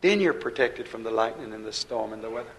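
A man preaching to his congregation with a gravelly edge in his voice. His delivery is folksy and direct. He swings between loud, emphatic bursts and low, quiet stretches. His pitch sits in an ordinary middle range. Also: animated, quick pace, poor audio. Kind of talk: sermon.

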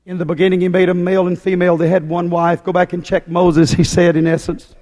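A man's voice: high voice, little pitch movement, fast talker, darkish tone. A man preaching a fiery sermon with an emphatic, hammering, repetitive delivery. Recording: long hall reverb.

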